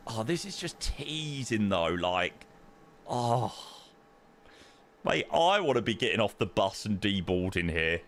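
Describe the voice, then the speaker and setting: A young man hosting a live flight simulator stream in relaxed, casual chat. His pitch rises and falls a lot as he talks. He thanks his viewers by name again and again with real enthusiasm.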